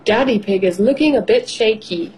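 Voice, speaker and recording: A woman's voice: fairly high pitch, moderate pace, darkish tone, a little hiss or hum, natural voice, low-quality recording. A woman voicing a boastful, teasing bull who runs a fairground stall while reading a storybook aloud.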